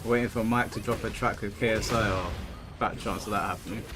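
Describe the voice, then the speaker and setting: A man in his thirties hangs out on a gaming stream, reading chat aloud in a laid-back way while stumbling and repeating words. His voice is lowish, fairly even in intonation, and brisk. Game music plays behind him.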